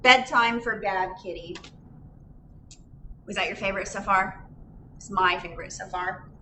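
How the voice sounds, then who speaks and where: A woman's voice: mid-range voice, measured pace, bright, forceful tone, a little hiss or hum. A woman reading a picture book aloud at a library storytime, sing-song and full of questions for the children. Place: library room. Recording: roomy echo.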